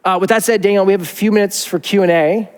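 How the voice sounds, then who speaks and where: A man in his thirties, a pastor preaching in a casual, animated way with many fillers. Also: high voice, fast, smooth, big-room sound. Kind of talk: sermon.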